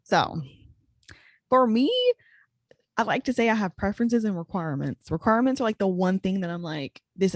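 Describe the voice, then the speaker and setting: A young woman hosting a podcast, chatting casually and quickly with lots of "like" fillers. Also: lowish voice, darkish tone, no room sound. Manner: rapid, chatty, full of "like" fillers. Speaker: podcast host. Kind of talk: casual chat.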